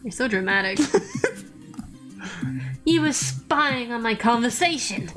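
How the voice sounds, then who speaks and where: A woman's voice: a little high, lively intonation, slow pace, music in the background. Morart, a woman doing a posh dramatic troll. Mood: mocking. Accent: put-on British.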